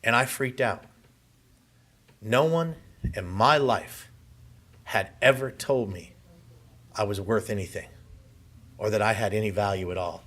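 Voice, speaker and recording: On the low side and fairly bright, this Southern Californian's voice is unhurried and punctuated by frequent pauses. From a conference hall stage, he shares his personal testimony with vivid, sincere first-person storytelling.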